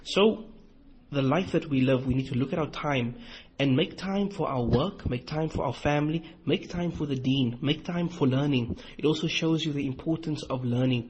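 Husky-voiced guy lecturing, retells stories with lots of quoted back-and-forth. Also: mid-range voice, rough recording. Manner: animated retelling with quoted dialogue. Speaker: Islamic lecturer. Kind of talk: storytelling lecture in a series.

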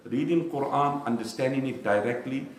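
A middle-aged man preaching a sermon, animated and storytelling, shifting from hushed to loud. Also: mid-range voice, normal speed, slight background noise. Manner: animated, swings from hushed to loud, addresses listeners as bro. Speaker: imam and lecturer. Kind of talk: lively sermon with storytelling and humor. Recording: echoey room.

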